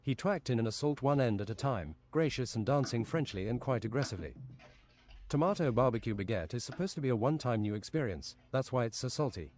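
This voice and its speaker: A man reading an absurd fantasy story aloud on a stream in a deadpan, matter-of-fact way. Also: mid-range voice, fast.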